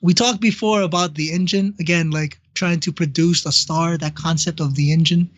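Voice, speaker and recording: A man's voice: a little high, moderate pace. A man co-hosting a podcast, telling personal stories in a casual, blunt and profane way. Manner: blunt and profane, animated storyteller. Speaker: podcast co-host. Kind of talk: casual chat, personal storytelling. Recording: dull lo-fi, dry sound.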